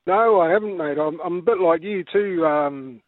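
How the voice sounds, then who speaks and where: Australian man, radio caller, cheery, easygoing, slightly high voice, tinny phone line. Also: normal speed, no room sound. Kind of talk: phone-in chat.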